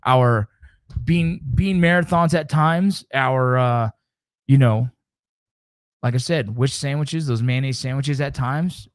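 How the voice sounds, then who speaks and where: A man's voice: medium pitch, slow pace, dry recording. Emphatic man talking in a dry room. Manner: emphatic, repetitive, swears casually. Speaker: show host. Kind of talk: casual livestream chat.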